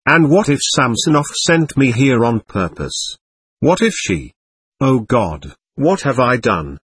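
A man voicing a desperate young army lieutenant who pleads breathlessly, in a husky voice. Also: mid-range voice, big pitch swings, takes it slowly, a bit bright, heavily acted. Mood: dismayed.

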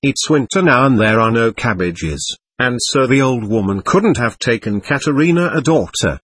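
A man's voice: mid-range voice, lively intonation, normal speed, fairly bright tone, slightly rough, no room sound. A man doing a bossy, snappish little girl. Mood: insistent. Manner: insistent, snappish.

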